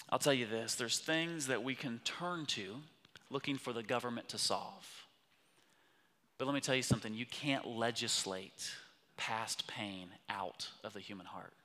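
A man preaching a sermon as pastor, impassioned, swinging from loud emphatic peaks to hushed whispers. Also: medium pitch, normal speed. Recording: long hall reverb.

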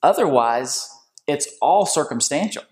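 A man hosting a faith-based conversation, preacherly and animated, with big swings in pitch. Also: a little slow. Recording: echoey room.

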